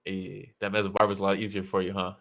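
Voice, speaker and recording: Man, low voice, bright sharp tone, upbeat fight chat. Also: monotone, vocal fry. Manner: upbeat, agreeable, quick to laugh. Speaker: co-host. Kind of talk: casual fight reaction chat.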